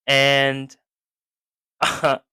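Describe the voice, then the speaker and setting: A man on a close podcast mic, chatting loosely and swearing freely as he recaps a movie. His voice is bright and crisp, and the sound is dry with no room around it. He keeps breaking into laughs and acting out characters. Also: medium pitch, monotone, no echo. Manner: rambling, laughing, quick to act out characters. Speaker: podcast co-host recapping a film. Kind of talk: casual profane chat.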